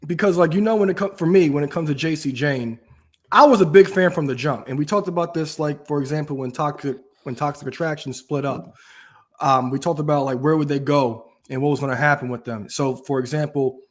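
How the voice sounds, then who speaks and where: Upbeat male podcast co-host, higher voice. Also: a little fast. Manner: enthusiastic, emphatic fan talk. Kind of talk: casual wrestling chat.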